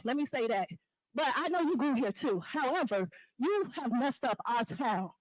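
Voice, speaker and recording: Woman resident at a board meeting podium, high-pitched, dry close sound, accusing and pleading in turns. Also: no room sound, poor audio. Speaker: resident speaking at public comment. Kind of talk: impassioned public comment. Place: village board meeting room.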